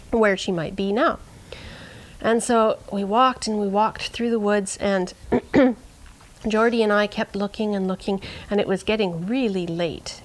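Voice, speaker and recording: A woman's voice: medium pitch, poor audio. Earnest woman telling a farm story. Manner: earnest, drops to a hush at tense moments. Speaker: storyteller and shepherd. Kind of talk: personal story narration.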